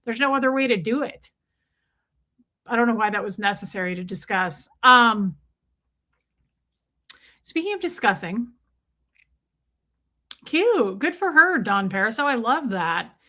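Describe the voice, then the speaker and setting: Woman, livestream host, casual chat, playful, bright tone, slightly high voice. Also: expressive, a little slow, long pauses. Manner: chatty, playful, reads viewer names aloud. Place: countryside home.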